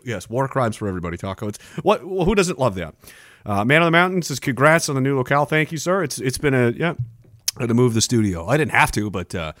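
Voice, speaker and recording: Brief: middle-aged man, livestream host, lively up-and-down delivery, dry close mic. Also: medium pitch, quick pace, no room sound. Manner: rambling, joking, reads chat aloud. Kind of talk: casual livestream chat. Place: home studio. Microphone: boom-arm studio mic.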